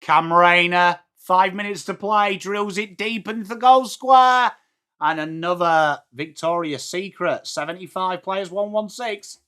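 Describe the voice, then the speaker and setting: English man, bright voice, a bit high, casual live chat, answers viewers between play. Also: a little slow, clear, resonant tone. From England. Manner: chatty, reads and answers viewer comments between calls of play. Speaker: watchalong host.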